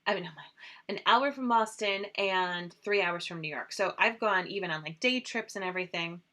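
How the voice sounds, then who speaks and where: A woman's voice: medium pitch, brisk, pushed and bright. A woman hosting a casual makeup livestream, chatting and rambling with lots of fillers. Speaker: host.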